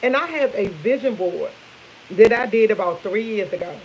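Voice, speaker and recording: In her home kitchen, a vlogger in her 50s chats over morning coffee, telling animated stories and calling her viewers "y'all." Her mid-range voice moves at a moderate pace, though the recording cuts off the highs and carries slight background noise.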